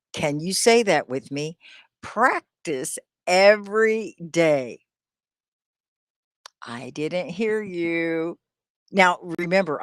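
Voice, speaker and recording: A woman teaching English on a live stream, speaking slowly and clearly with encouragement, often laughing as she talks to viewers. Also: fairly low pitch, no room sound, clean studio sound. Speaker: ESL teacher.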